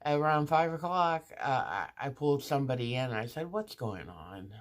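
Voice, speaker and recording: A woman's voice: deep voice, a little fast. A woman vlogger telling a casual story in a chatty monologue, with restarts and asides, acting out the other people in it.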